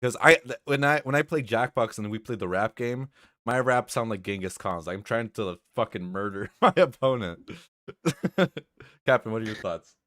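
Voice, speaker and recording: A man's voice: mid-range voice, lively intonation, moderate pace, a bit bright, no room sound, studio quality. A man hosting a livestream reaction chat, rambling and hedging with easy laughs. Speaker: stream host.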